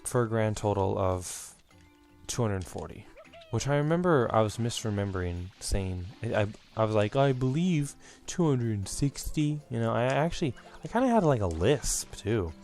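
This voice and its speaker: A man's voice: lowish voice, big pitch swings, normal speed, darkish tone, faint music behind. A young man hosting a let's play, rambling and reminiscing through his commentary with lots of fillers, a bit out of breath.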